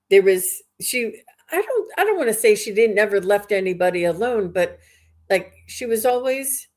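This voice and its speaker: A woman gives a live spirit reading in a loose, chatty flow. She piles on fillers and restarts her sentences as she goes, speaking at an everyday middle pitch. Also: darkish tone. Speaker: psychic medium host.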